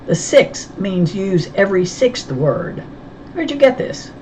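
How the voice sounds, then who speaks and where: A woman's voice: mid-range voice, sing-song, slow pace, warm tone, a little hiss or hum, voice pushed up. A woman voicing an earnest, brainy sixth-grade girl who explains things eagerly.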